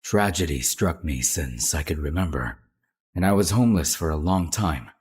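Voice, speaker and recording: A man plays a blunt, sarcastic young man from an animated story, with a deep, slightly husky voice. His delivery moves around a lot, dry and teasing, with a soft side under the edge. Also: normal speed, heavily acted. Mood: reflective. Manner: dry teasing, turning quietly reflective. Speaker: voice actor.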